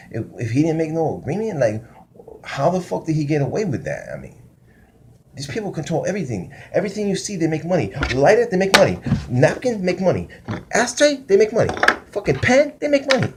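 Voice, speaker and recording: Man, rambling profane monologue, swooping animated pitch, digressive, self-styled teacher. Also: vocal fry. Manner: profane, conspiratorial ranting; loose, digressive delivery with restarts and laughs.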